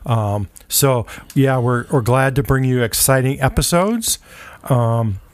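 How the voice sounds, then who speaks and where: A man co-hosting a food podcast in a small studio, chatting in a relaxed, rambling way with many fillers. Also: mid-range voice, slow, no echo. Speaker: podcast co-host. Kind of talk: casual chat.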